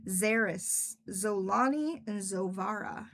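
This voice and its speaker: A woman's voice: medium pitch, slow pace, a bit bright, a little hiss or hum. A young woman, an author, chatting casually and rambling on a livestream, laughing often. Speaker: author and streamer.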